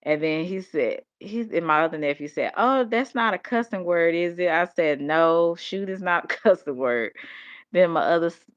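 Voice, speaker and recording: An older woman, talking in a rambling, animated monologue. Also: fairly low pitch, moderate pace. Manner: rambling, animated storytelling with vernacular speech. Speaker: vlogger. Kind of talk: casual monologue. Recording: dull lo-fi audio.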